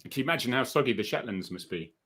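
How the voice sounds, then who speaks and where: A man's voice: medium pitch, animated, racing, fairly bright tone. A man hosting a casual live video chat, chatty and self-deprecating and laughing often. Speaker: host.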